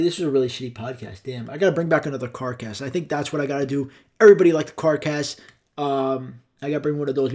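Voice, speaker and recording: A male podcast host talks alone, rambling and swearing freely. His voice sits a little higher than most men's. He jumps from one complaint to the next in a loose, casual flow. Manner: profane, rambling rant. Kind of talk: solo podcast rant.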